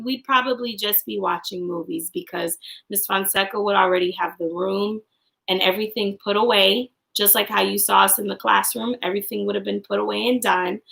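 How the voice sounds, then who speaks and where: A young woman teaching a young class online, singing and chanting phonics in a cheerful sing-song voice with drawn-out words. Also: medium pitch, gravelly, bright, forceful tone, rough recording. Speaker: kindergarten teacher.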